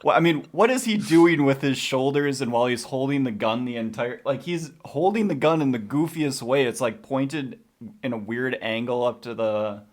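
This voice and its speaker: A man's voice: mid-range voice, moderate pace. Chatty, opinionated male podcast co-host. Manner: chatty, opinionated, laughs easily. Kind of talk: casual movie discussion.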